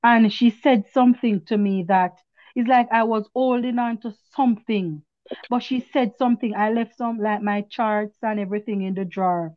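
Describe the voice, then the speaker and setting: A woman's voice: fairly high pitch, fairly even intonation, dry recording. A woman, a teacher, gives heartfelt testimony on a video call. She stops and repeats her words often and speaks with religious fervor. The audio is muffled and dry, like a cheap call connection. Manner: halting, repeats words, fervent. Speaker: prayer meeting participant giving testimony. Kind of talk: emotional spoken testimony.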